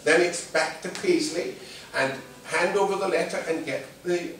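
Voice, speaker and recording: Man telling a folk tale live; lively, humorous, distant mic, heavy echo. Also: high voice, normal speed, a little hiss or hum. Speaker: storyteller. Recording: distant mic in a very echoey room.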